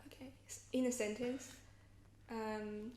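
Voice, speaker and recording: A young woman with a light British-Australian tinge to her accent, chatting as a podcast guest, halting with fillers and restarts. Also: a little high, steady tone, warm tone, roomy sound, a little hiss or hum. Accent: mixed British and Australian tinge. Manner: hesitant, many fillers and restarts. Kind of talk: casual podcast interview.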